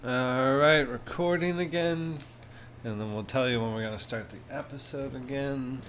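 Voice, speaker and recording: A man's voice: mid-range voice, moderate pace, a bit bright, a little hiss or hum, poor audio. A man co-hosting a podcast in casual, rambling chat while watching a show. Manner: laid-back, rambling, laughs and coughs. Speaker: podcast co-host.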